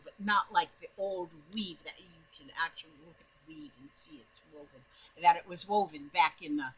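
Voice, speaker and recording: Excitable husky-voiced woman vlogger. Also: on the low side, rough recording. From northern Minnesota, USA. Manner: excitable, rambling, full of restarts. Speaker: doll-making vlogger. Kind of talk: casual rambling chat to camera. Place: home in Florida.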